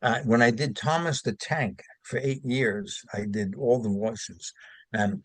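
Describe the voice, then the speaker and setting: A man's voice: mid-range voice, unhurried, dry recording. An older man from Brooklyn, chatting as an interview guest and rambling through anecdotes with fillers and restarts. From Brooklyn, New York. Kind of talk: casual interview chat.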